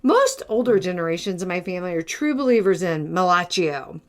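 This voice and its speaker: A woman's voice: lowish voice, animated, brisk. A young adult woman co-hosting a podcast, reading an article aloud and breaking off for jokes and laughs. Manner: reads aloud with joking asides and laughs. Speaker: podcast co-host.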